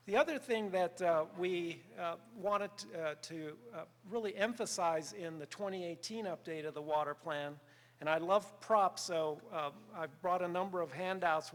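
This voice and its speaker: An older man giving a public workshop presentation in an earnest, measured way with many filler sounds. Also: fairly high pitch. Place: meeting hall. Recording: reverberant meeting hall.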